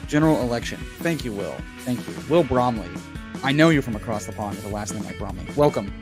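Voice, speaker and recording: A man hosting a casual livestream from home, hyped and folksy, who keeps calling people brother and bursts into loud pep talks. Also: medium pitch, lively intonation, fast, over music. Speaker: host.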